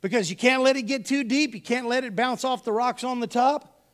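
A man's voice: very high voice, a little fast. A man from Texas, preaching a sermon full of folksy personal stories and calling his congregation y'all.

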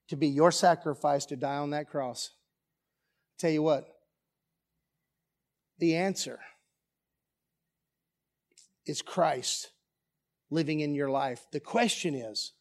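A pastor with a notably high voice preaches to his church. He drives his points home with repeated rhetorical questions and forceful emphasis. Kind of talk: sermon. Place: church sanctuary.

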